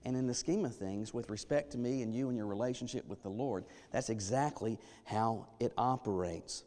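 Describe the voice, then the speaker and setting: A man preaching a sermon as pastor, emphatic, dropping to a hush and then rising loud. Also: medium pitch, moderate pace. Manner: emphatic, swings from hushed to loud. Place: church sanctuary. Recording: long church reverb.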